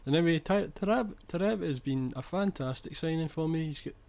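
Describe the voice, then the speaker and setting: This young man's voice is a little high, gravelly and darkish, and he speaks fairly quickly. He chats over his football video game footage as a commentator, starting sentences over and swearing when annoyed.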